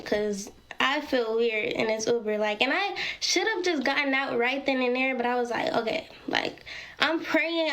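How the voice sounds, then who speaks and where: A woman's voice: high-pitched, fairly bright tone. A woman casually telling a personal story, dramatic and talking straight to her viewers. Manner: dramatic, addresses viewers as y'all.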